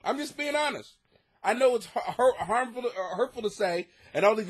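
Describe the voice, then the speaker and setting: A high-pitched man with a slightly rough voice and lively intonation rants through listener letters at a moderate pace. It's a crude, profane comedy advice podcast full of sarcastic mock outrage, recorded in his home basement.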